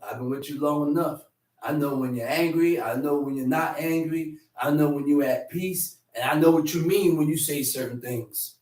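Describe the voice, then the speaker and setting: A man teaching scripture in a lively way, acting out quarrels with shouts and repeating phrases for emphasis. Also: a little high, normal speed, reverberant, recorded from a distance. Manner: animated, acts out quarrels with shouting. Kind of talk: street-corner Bible teaching.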